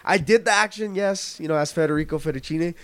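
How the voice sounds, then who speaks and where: Animated young man telling a story. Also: fairly high pitch, quick pace, slight background noise. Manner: animated storytelling, heavy swearing, acts out quotes. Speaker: podcast co-host. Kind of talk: casual chat.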